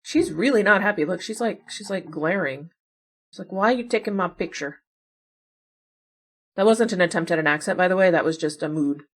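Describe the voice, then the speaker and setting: Speaking fairly quickly in a fairly low voice, a female puzzle game streamer muses aloud while playing. Her commentary is casual and chatty, full of wondering and self-deprecating remarks.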